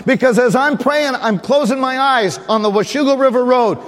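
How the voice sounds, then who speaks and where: An older man preaches in a church, his voice sitting high for a man. He speaks with earnest fervor and calls out to the congregation for responses. A long reverb from the hall trails each phrase. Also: moderate pace, hardly any pauses, background noise. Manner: earnest, fervent preaching with audience call-outs. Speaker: pastor. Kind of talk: sermon. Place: church sanctuary.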